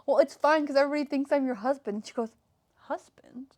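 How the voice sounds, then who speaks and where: A woman's voice: sits high, rapid-fire. A woman co-hosting a casual book podcast, retelling scenes and acting out the characters' lines. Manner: animated, acts out quoted lines. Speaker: podcast co-host. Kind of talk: casual book club chat.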